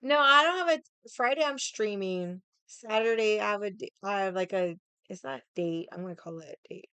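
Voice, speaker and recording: A woman's voice: medium pitch, moderate pace, bright, forceful tone, smooth, dry recording. A young adult woman streamer chatting casually with her viewers, rambling and swearing often. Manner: rambling, swears a lot, many likes.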